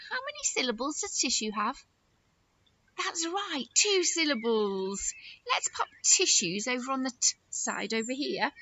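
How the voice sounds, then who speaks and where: A woman teaching a phonics lesson to young nursery children, animated and sing-song, with gasps of surprise and slow, drawn-out words. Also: high voice, slight background noise.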